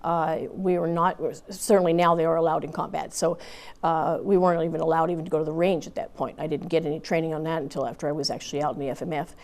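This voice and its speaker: Low-voiced woman veteran telling stories. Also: flat delivery, fast talker, a little mellow. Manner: candid and conversational, with frequent fillers and restarts. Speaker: Marine Corps veteran. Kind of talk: interview storytelling.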